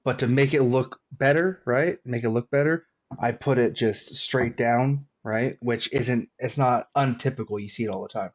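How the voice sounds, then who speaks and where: A man's voice: mid-range voice, normal speed. A man talking as a guest in a casual online chat, rambling with many filler words.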